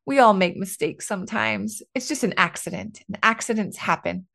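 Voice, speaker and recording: A sweet little four-year-old girl offers gentle comfort, as her mother puts on her voice. The voice rises only slightly above a woman's natural speaking pitch, keeping an easy, tender tone. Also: moderate pace, gravelly. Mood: reassuring. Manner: gentle, reassuring.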